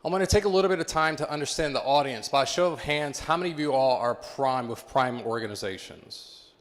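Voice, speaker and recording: A man's voice: mid-range voice, brisk. Guy doing a motivational talk at a conference, keeps asking the crowd stuff, echoey big hall. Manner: engaging, quizzes the audience. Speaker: keynote speaker. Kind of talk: motivational talk to a live audience. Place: conference hall with live audience. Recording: long hall reverb.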